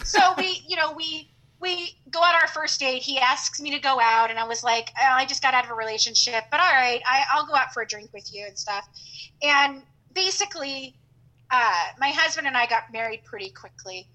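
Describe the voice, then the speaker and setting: A middle-aged woman telling a long story in casual chat, animated and acting out the voices of the people in it. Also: high-pitched, normal speed, low-quality recording. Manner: animated, acts out quoted voices.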